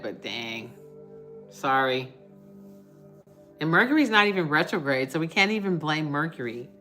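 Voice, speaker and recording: A middle-aged woman hosting a casual livestream, chatting with viewers, reading their comments and offering warm reassurance. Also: sits low. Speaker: livestream host. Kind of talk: casual live chat with viewers.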